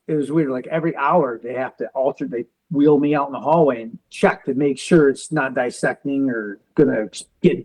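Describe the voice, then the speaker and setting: A man in his forties, a veteran and police officer, tells a personal story in an interview, quoting others in quick back-and-forth exchanges. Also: medium pitch, darkish tone, poor audio. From United States. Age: 40s. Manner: quotes others in quick back-and-forth, uses car comparisons.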